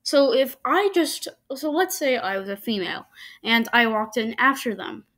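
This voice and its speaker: A woman's voice: fairly high pitch, animated, a bit bright. A woman giving casual reaction commentary to videos, arguing her points with frequent stops and restarts. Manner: halting, argumentative, many restarts.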